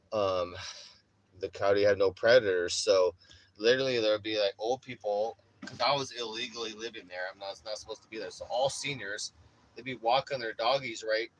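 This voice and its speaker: A young vlogger casually tells a rambling, profane story and keeps saying "bro." His voice is on the low side and fairly bright, with fairly even intonation and a moderate pace. The audio quality is poor.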